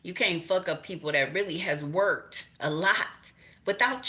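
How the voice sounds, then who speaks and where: With a lowish, unhurried voice and a sharp edge to it, this tarot reader from Chicago, a middle-aged woman, chats directly with viewers during a casual reading. She curses liberally and laughs as she goes.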